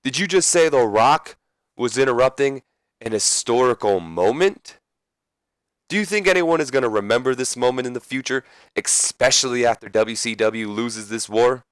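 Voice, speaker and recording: A man putting on the voice of a boastful male wrestling superstar who talks about himself in the third person, taunting loudly, recorded on a close microphone. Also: mid-range voice, lively intonation, normal speed, no echo, pitched above the performer's own voice, natural voice.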